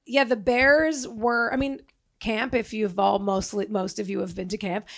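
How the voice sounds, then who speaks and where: A middle-aged woman, an actress taking part in a live on-stage Q&A. She talks casually and tells quick jokes, with lots of "like". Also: medium pitch, steady tone, creaky, fairly bright tone. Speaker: actress and guest.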